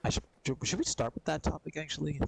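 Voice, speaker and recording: A man streaming games, chatting casually and rambling with a lot of swearing, coughing and clearing his throat often. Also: on the high side, fast, a little hiss or hum, poor audio. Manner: profane, rambling, laid-back. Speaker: gaming streamer.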